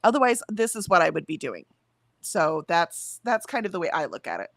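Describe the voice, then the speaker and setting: A woman's voice: on the low side, wildly swooping pitch, fairly quick, gravelly, no echo. A woman co-hosting a casual livestream, chatting emphatically, laughing easily, and reading out viewer comments. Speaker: livestream co-host.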